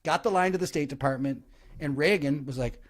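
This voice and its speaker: Man, comedian, fairly high voice, animated storytelling, lots of restarts. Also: a little fast. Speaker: comedian guest. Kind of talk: casual podcast chat.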